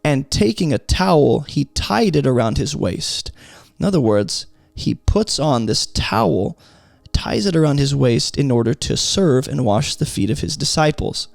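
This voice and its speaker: A man's voice: medium pitch, big pitch swings, unhurried, vocal fry, dry recording. A man teaching through a Bible passage in an emphatic, explanatory way, often asking rhetorical questions.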